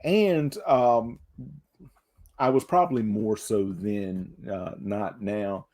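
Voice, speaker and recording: A man's voice: on the low side, slow pace, a little mellow. A man co-hosting a podcast in casual chat, with a wry, self-deprecating humor. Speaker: podcast co-host.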